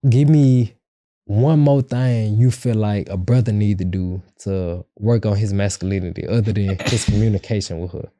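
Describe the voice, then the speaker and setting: A man's voice: fairly low pitch, moderate pace, dark tone, no room sound. A young man hosting a podcast, giving blunt relationship advice in slangy casual talk and acting out both sides of an argument. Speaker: podcast host.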